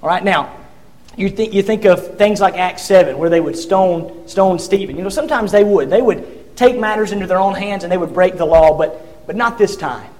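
A man's voice: high voice, normal speed, a little mellow. A man preaching a sermon, retelling scripture in vivid storytelling with frequent restarts and acting out the quoted figures.

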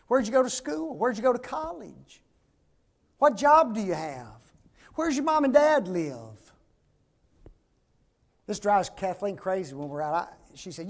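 Older male preacher, very high pitch with a gravelly edge, folksy sermon delivery, peppers the talk with rhetorical questions.

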